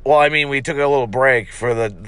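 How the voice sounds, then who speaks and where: A man co-hosting a comedy podcast, rambling and profane with a deadpan spin on silly fake products. His pitch sits right in the middle for a man. He talks loosely, trailing off and starting over. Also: fairly quick, clear, resonant tone, dry recording. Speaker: podcast co-host. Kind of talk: improvised comedy podcast with mock ads.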